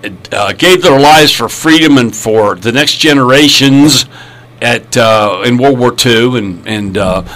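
A man's voice: mid-range voice, unhurried, fairly bright tone. A man hosting a talk show, chatting casually and rambling a bit. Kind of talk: casual radio chat.

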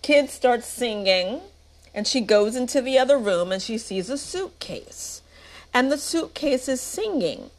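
A woman's voice: fairly high pitch, expressive, a little slow. A woman giving a casual, sarcastic and playful recap of a movie. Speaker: movie reviewer.

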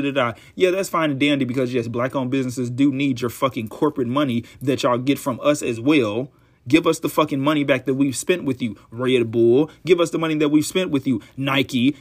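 A man giving an angry, profane commentary, heated and worn out. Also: fairly high pitch. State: tired and frustrated. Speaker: vlogger.

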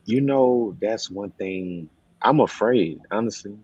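Really low voiced guy, halting n candid, kinda muffled audio. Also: darkish tone, slightly rough, dry recording. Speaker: host. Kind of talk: casual discussion.

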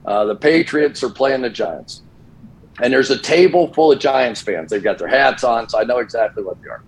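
Animated middle-aged man telling stories. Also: medium pitch, moderate pace, creaky, rough recording. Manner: animated, voice jumps when quoting people. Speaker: football broadcaster guest. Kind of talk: casual storytelling.

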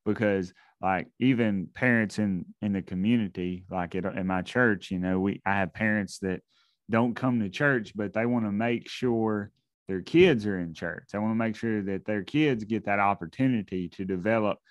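A man's voice: lowish voice, normal speed, dry recording, dull audio. A man hosting a podcast interview, asking questions in a rambling way with many fillers. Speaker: podcast host. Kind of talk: interview conversation.

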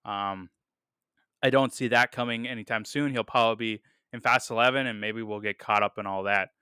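Bright, crisp-voiced male podcast reviewer. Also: on the low side, fairly even intonation, fairly quick, dry recording, studio quality. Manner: enthusiastic, many fillers, repeats "really, really"; laughs at quotes he reads. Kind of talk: solo casual review.

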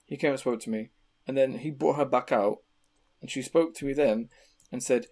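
A man's voice: medium pitch, moderate pace. A young English man on a casual podcast, telling rambling stories full of swearing. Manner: swears freely, rambling animated storytelling. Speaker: podcast co-host. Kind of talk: casual chat.

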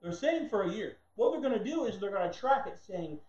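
A man's voice: high-pitched, big pitch swings, a little fast, few pauses, darkish tone. A man preaching a sermon in a heated, mocking way, sometimes acting out other people's voices. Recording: roomy, dull lo-fi sound.

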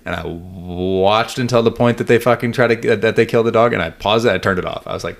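Man, very low voice, casual podcast chat, rambling, swears a lot. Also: fairly quick, vocal fry. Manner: profane, rambling anecdotes.

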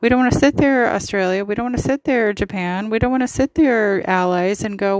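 A woman's voice: medium pitch, expressive, moderate pace, darkish tone, no echo, poor audio. A woman hosting a podcast, giving impassioned, opinionated political commentary with emphatic repetition. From United States. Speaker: podcast host.

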